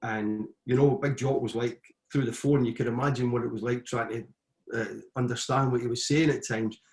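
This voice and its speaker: Man, middle-aged, casual animated storytelling, interview guest, roomy echoey sound. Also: mid-range voice, moderate pace. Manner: anecdotal, animated retelling with frequent restarts. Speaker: guest, former footballer and coach.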